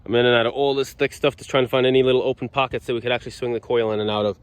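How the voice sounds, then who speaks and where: New york dude detecting in the brush, chatty and excitable, talks to the camera outside. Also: male voice, medium pitch, racing, smooth, dry recording. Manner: excitable, chatty, stumbles over words when thrilled. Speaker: metal detecting vlogger. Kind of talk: casual outdoor vlog commentary. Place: outdoors in thick brush.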